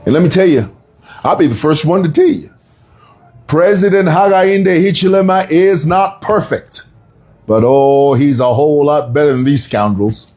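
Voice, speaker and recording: Male commentator, fairly high husky voice, emphatic storyteller with casual asides. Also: moderate pace, darkish tone. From Zambia. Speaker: political commentator.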